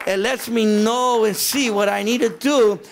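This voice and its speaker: A pastor preaching a sermon in a repetitive, emphatic way. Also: male voice, very high voice, fairly even intonation, moderate pace, creaky.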